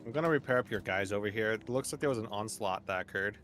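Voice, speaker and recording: A man's voice: on the low side, fast, a bit bright, soft background music. A man playing a co-op game as a guest, chatting in a hesitant, focused, slightly unsure way. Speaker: guest co-op player. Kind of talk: casual co-op gameplay chat.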